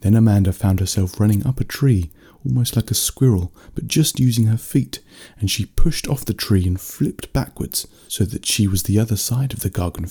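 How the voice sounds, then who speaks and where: A man narrating a bedtime story in a steady, unhurried reading voice. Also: lowish voice, breathy edge.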